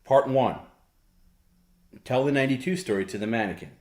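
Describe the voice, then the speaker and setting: A man's voice: medium pitch, lively intonation, a little fast, darkish tone, reverberant. A man hosting a live stream, patiently explaining the rules of a challenge in a casual way. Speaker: stream host.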